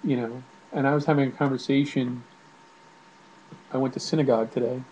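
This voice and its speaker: A man's voice: mid-range voice, fairly even intonation, fairly quick, mellow, a little hiss or hum, poor audio. A man giving casual spoken commentary to camera at home, irritated and ranting, with many fillers and restarts. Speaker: video blogger.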